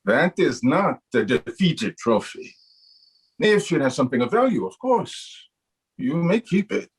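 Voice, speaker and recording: A man voicing a stern male official who questions a hunter in clipped, measured lines during a recorded voice-acting session. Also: on the high side, big pitch swings, breathy edge, exaggerated voice, rough recording. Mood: firm.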